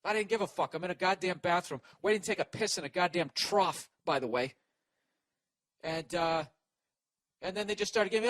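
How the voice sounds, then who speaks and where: A man in his forties, a podcast host, telling a story as a loud, profane comic rant. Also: sits high, brisk, no room sound. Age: 40s. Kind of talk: ranting comic monologue.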